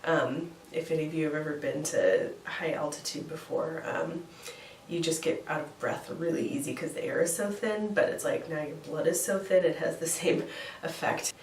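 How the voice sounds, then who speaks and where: A young woman with a head cold talks casually to her vlog audience, her nasal, congested voice sitting low. She rambles with fillers and small laughs. She is recorded from a distance in a roomy, echoing space with faint ambience behind her. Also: normal speed, a little mellow, a little hiss or hum. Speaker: vlogger. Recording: echoey room, voice from far off, faint ambience.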